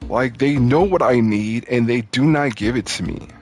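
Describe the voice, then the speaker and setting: A man's voice: mid-range voice, moderate pace, darkish tone. A man ranting in exasperation over his gameplay, swearing and repeating his complaints. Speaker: gaming channel host. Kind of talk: frustrated gameplay commentary.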